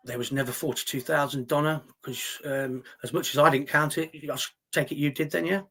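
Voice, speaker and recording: A man's voice: a little high, fairly even intonation, a little fast, sharp tone, husky. A man hosting a live stream, answering viewer chat in heated, indignant talk with plenty of swearing. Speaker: livestream host reading viewer chat.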